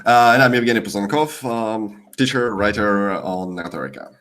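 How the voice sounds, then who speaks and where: Low-voiced man with a Russian accent. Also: brisk, fairly bright tone. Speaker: co-host, teacher.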